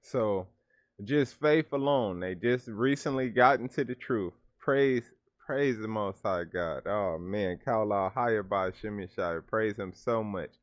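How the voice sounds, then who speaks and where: A man's voice: on the low side, slow, dry recording. A man reacting to a video in casual, slangy commentary, thinking aloud with enthusiasm. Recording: dull lo-fi sound.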